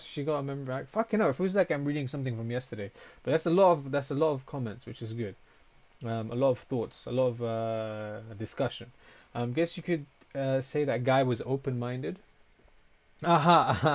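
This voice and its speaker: Casual and quick to swear, this game streamer reacts to chat, reading comments aloud and responding to them. His medium-pitched voice is a little mellow.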